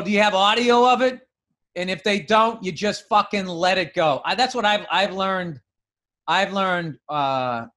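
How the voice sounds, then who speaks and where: A man's voice: high voice, a bit bright. A man from the US East Coast co-hosting a podcast, telling a blunt, profane, self-mocking story in casual chat. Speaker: podcast co-host.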